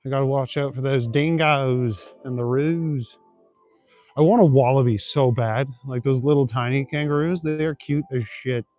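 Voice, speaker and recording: A young man streams live while walking through a city after dark, chatting loosely and answering what viewers write, with a relaxed manner, chuckles, and many fillers. His mid-range, darkish voice moves at normal speed with fairly even intonation, on a dry recording with faint background music.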